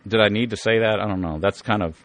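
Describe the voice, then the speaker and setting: A man's voice: fairly low pitch, fast talker, fairly bright tone, no echo. A middle-aged man talking in a rambling, profane podcast monologue, often stammering and repeating words. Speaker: podcast host. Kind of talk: casual monologue.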